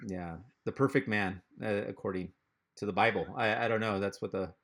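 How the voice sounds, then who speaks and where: A man doing a stand-up comedy set over a video call, rambling and halting, with lots of fillers. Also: on the low side, fairly even intonation, a bit bright.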